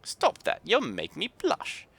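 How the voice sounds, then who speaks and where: A man voicing a gruff, grumbling female mechanic with a put-on Yorkshire accent in a video game. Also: high-pitched, huge pitch swings, slow, pushed and bright, pitched above the performer's own voice, heavily acted. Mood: flustered. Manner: grumbling, exasperated.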